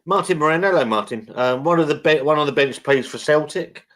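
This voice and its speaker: A man's voice: on the high side, fairly quick, fairly bright tone. A man from Scotland co-hosting a live football watch-along, reading out viewer comments and laughing often. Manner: laughs a lot, reads chat out.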